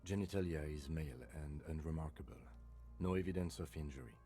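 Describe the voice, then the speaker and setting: A man voicing a calm, methodical police lieutenant in a video game, speaking in a clinical, measured, dry way. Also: a bass voice, breathy edge, soft background music.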